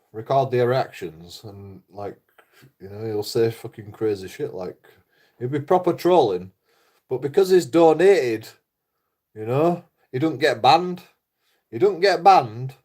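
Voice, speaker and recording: A man's voice: medium pitch, darkish tone. A man rambling through a casual livestream chat, swearing a lot, repeating himself and laughing at his own jokes. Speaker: livestreaming vlogger.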